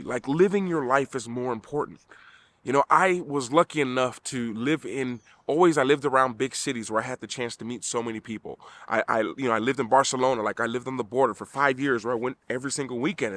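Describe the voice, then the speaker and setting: A man's voice: mid-range voice, fairly bright tone, no room sound. A middle-aged man giving an earnest motivational talk to camera, emphatic, often restarting his sentences. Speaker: vlogger.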